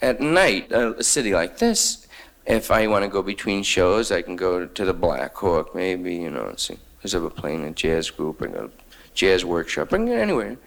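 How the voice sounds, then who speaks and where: Brief: man from New York, stand-up comic, wry and rambling, hip slang, gravelly and lively. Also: low-pitched, normal speed. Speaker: stand-up comedian. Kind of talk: stand-up monologue.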